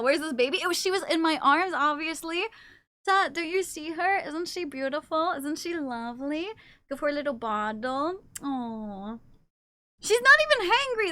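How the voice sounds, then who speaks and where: A woman's voice: high voice, sharp tone, no echo. A woman streamer chatting casually on a live stream, cooing baby talk to her cats between comments.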